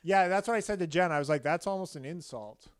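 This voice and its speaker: A young man co-hosting a comedy podcast, teasing and animated, cursing freely as he chats. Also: sits high, fast talker, no echo, studio quality. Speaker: podcast co-host. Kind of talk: casual comedy podcast chat.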